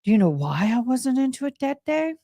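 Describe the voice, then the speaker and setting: A woman's voice: high voice, fairly quick, no room sound, clean studio sound. Chatty Texan woman telling a story. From Texas, USA. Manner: chatty, animated, talks to viewers as y'all. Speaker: livestream host. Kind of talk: casual storytelling to live chat.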